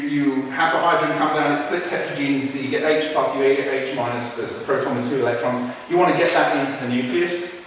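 A man's voice: a little high, fairly bright tone, a little hiss or hum. A man giving a chatty, informal university lecture, telling anecdotes and swearing casually as he explains. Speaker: guest lecturer. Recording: very echoey hall, distant mic.

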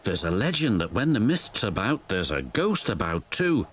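A man voicing a wise, gentle older male engine who murmurs. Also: on the low side, sing-song, moderate pace, a little hiss or hum. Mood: warning.

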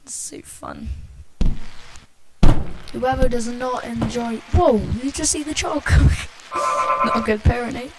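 A woman commentating a let's play, excitable and swearing often as she reacts to the game. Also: on the high side, slow, pauses often. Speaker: gamer. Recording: loud background noise, amateur capture.

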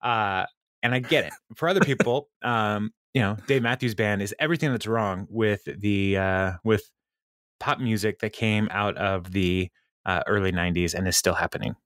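A man with a fairly low voice hosts a casual podcast and retells a TV episode, laughing often and acting out the quoted lines. The sound is dry and close, with no room echo. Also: moderate pace, a bit bright. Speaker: podcast host. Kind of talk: casual chat recapping a TV episode.

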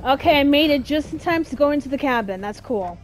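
A woman's voice: high-pitched, expressive, quick pace, background noise. A woman streamer giving chatty, reactive let's-play commentary and swearing casually as she plays. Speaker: gameplay streamer.

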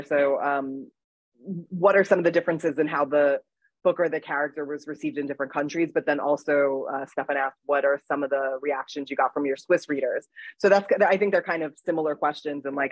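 A woman's voice: low-pitched, dry recording, lo-fi sound. A woman interviewing an author in a casual conversation. She is chatty, laughs easily and hesitates with fillers.

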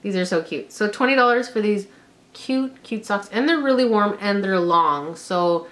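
A woman's voice: medium pitch, normal speed. A young woman vlogger from Canada chatting casually through an unboxing, gushing and exclaiming over each item. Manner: gushing, excitable, lots of gasps and exclamations.

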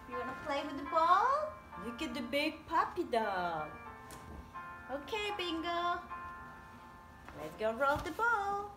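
A woman teaching a preschool class by video, talking slowly and cheerfully in a sing-song way to small children. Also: high-pitched, big pitch swings, music in the background.

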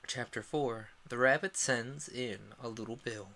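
A young man reads a storybook aloud on a live stream. He narrates expressively in a middle-pitched voice and slips into character voices. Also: unhurried, gravelly, bright, forceful tone.

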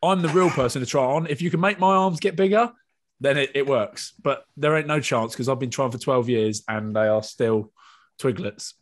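A man's voice: medium pitch, moderate pace. A man hosting a podcast, bantering casually, joking and mocking himself, swearing freely. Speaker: podcast host.

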